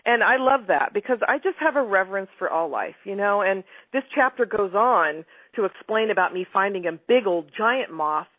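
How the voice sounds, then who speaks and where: A woman's voice: medium pitch, expressive, normal speed, hardly any pauses, no echo. A middle-aged woman, a guest author and comedian, talking animatedly and reading from her own book in a phone interview. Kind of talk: phone interview, casual chat. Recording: tinny phone line, dry.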